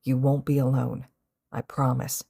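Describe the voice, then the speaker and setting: A calm, protective teenage boy speaking softly and steadily, read by a woman with a low voice. He sounds earnest and reassuring, in a fan audiobook. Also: normal speed, slightly rough, heavily acted. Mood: gentle.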